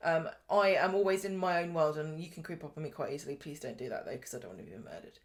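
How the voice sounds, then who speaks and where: A woman with a low voice talks fast as she hosts a podcast. She recaps a soap in casual, chatty, jokey talk, acting out the characters' lines.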